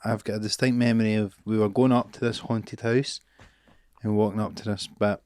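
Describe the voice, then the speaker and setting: A man's voice: on the low side, a little fast, smooth, dry recording, clean studio sound. A Scottish man co-hosting a podcast, telling a childhood story in casual chat and acting out the voices in it. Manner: animated storyteller, acts out voices and screams. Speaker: podcast co-host.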